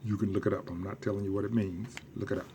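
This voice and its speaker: A man teaching a recorded lesson, speaking slowly, quizzing his class and repeating key phrases for emphasis. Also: fairly low pitch, level tone, mellow, a little hiss or hum. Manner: slow and deliberate, quizzing the class. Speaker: Spanish teacher.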